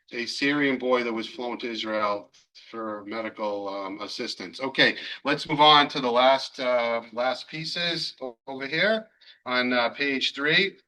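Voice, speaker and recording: A man teaching a Torah class as a rabbi, chatting with students and pausing often with fillers. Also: medium pitch, bright, forceful tone, poor audio. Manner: conversational, hesitant fillers, takes questions from students.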